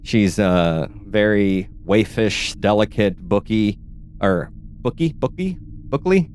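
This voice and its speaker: A man's voice: on the low side, fairly even intonation, slow pace, a little mellow, slight background noise. A man narrating a tabletop game as game master, describing scenes in detail and searching aloud for words.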